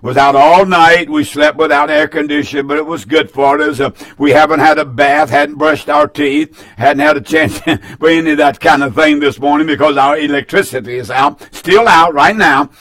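Emphatic pastor, folksy and repetitive. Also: male voice, on the high side, expressive, moderate pace, creaky, a bit bright. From North Carolina, US. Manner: folksy, emphatic, repeats phrases. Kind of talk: broadcast sermon with call-in announcements.

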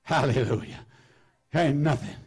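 A man's voice: medium pitch, a little slow, a little mellow, slightly rough. An older man preaching a sermon, fervent and repetitive, filling his phrases with "uh" and "hallelujah". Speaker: pastor.

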